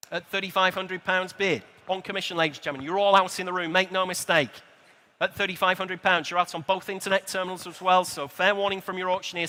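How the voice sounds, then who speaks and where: A bright, high-voiced man calls bids at a live auction, keeping a brisk, rhythmic patter with friendly asides to bidders. His voice carries a long reverb from a large exhibition hall. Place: motor show sale room.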